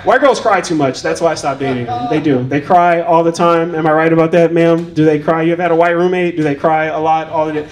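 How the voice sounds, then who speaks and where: A man's voice: on the high side, steady tone, fairly quick, few pauses. A man doing provocative stand-up on a comedy club stage, with a mock-apologetic manner.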